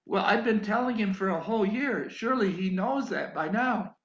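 An older man preaching a sermon, telling a story in an animated way that rises to emphatic pleading. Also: high voice, normal speed, hardly any pauses, reverberant, dull audio.

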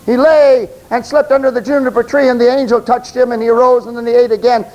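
A man with a very high voice delivers a sermon. He speaks straight at his listeners, emphatic and repetitive, and trips over words when he reads scripture aloud. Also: flat delivery, fast, darkish tone, lo-fi sound. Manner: emphatic, addresses congregation directly, stumbles reading aloud. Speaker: preacher.

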